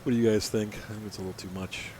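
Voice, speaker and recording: A man's voice: fairly low pitch, flat delivery, very fast, darkish tone, slight background noise. A man hosting a farming game let's-play, talking casually and rambling as he plays, with some teasing banter. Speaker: gaming channel host.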